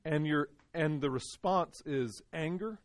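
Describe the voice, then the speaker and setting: A man's voice: on the high side, unhurried, no room sound. Man leading a Bible study with questions. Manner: conversational, poses questions to the group. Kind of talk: interactive Bible teaching to a small group.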